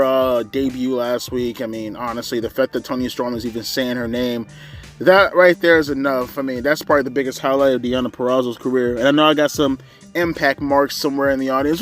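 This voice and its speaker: A man ranting through a casual, profane, sarcastic wrestling show review. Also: mid-range voice.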